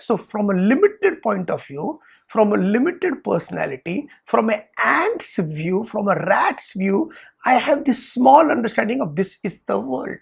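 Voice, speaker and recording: Brief: teacher, high husky voice, emphatic storytelling. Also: male voice. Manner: emphatic, repetitive, preaching. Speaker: Vedanta teacher. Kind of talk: spiritual talk with storytelling.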